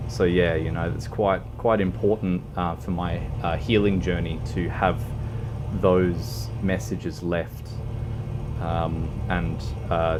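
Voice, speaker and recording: A man with a low voice chats on a gaming livestream from home while wearing a fox costume. He rambles, hesitates with lots of ums, laughs a lot, and keeps making jokes at his own expense. The background is noisy.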